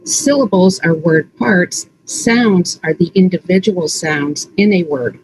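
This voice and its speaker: A woman literacy coach leading an early-reading lesson, saying words slowly and stretching out their sounds. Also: fairly low pitch, a little hiss or hum, rough recording. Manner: slow, deliberate, exaggerated word sounds. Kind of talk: slow instructional teaching, modeling sounds.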